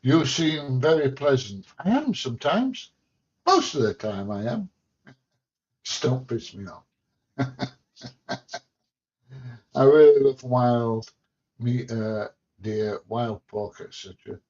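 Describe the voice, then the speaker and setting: Taking it slowly with long pauses, an English livestream host reads viewer comments from his home, casual and blunt, with jokes and mild swearing. His voice is medium-pitched and darkish, heard through dull lo-fi stream audio.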